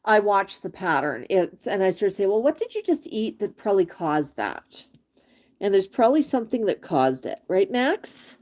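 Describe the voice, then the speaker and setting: A woman's voice: mid-range voice, sing-song, moderate pace, darkish tone. A woman hosting a livestream about her pet parrot, reading viewer comments and chatting casually about bird care. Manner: sing-song baby talk to her bird, then chatty comment reading. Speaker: pet parrot channel host.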